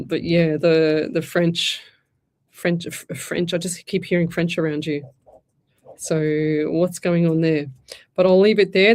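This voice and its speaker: A woman's voice: on the low side, darkish tone. A woman with an Australian accent hosting a live radio show, giving rambling, chatty psychic readings with many restarts. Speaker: psychic medium radio host.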